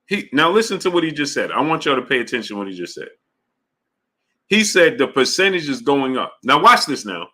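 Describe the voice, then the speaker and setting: A man's voice: big pitch swings, fairly quick. A man hosting a live stream, greeting viewers in the chat and arguing with them in an exasperated, repetitive way. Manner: exasperated, repetitive, voice jumps high when arguing; drops low and quiet when giving up.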